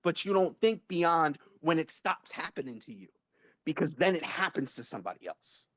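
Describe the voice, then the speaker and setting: A man in his thirties with a fairly high voice, speaking out with raw emotion in a live online audio room. He talks bluntly and swears freely, repeating words and restarting sentences to drive each point home. The sound is dry and close, with almost no room echo. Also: very animated, normal speed, a bit bright. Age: 30s. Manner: emphatic, profane and blunt, with repetition and restarts. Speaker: guest speaker.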